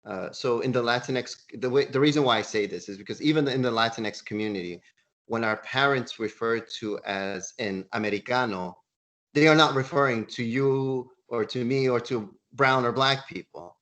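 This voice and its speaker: A middle-aged man from the East Coast speaks over a video call, in a voice of middle pitch. He tells a personal story with animation, and his voice jumps up whenever he quotes someone. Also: normal speed. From East Coast of the United States. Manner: animated storyteller, rises in pitch when quoting others. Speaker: panel speaker.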